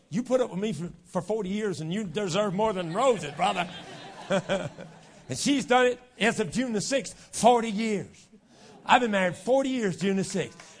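A pastor in his fifties delivers a folksy, joking sermon in a fairly high voice. He drops to quiet asides, then builds up to shouting. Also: a little fast. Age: 50s.

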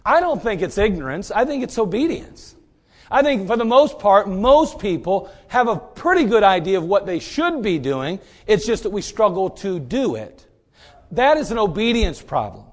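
High-pitched guy preaching a sermon, gets loud and excited, keeps asking the crowd questions. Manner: animated, swings from quiet to shouting; rhetorical questions to the congregation.

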